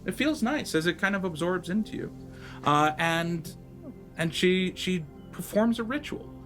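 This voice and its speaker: A man narrating as game master, rambling with halting restarts. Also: high-pitched, lively intonation, a bit bright, faint music behind.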